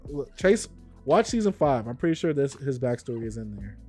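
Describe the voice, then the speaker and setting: A man's voice: medium pitch, big pitch swings, brisk, dark tone, soft background music. A man hosting a stream, chatting casually with friends in emphatic, teasing banter. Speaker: streamer host. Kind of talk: casual group chat on a stream.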